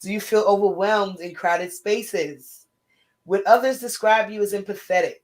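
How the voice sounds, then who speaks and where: A middle-aged woman co-hosting a casual spiritual talk show, telling stories in quick bursts with restarts. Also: medium pitch, a little mellow. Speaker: podcast co-host. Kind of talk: casual chat.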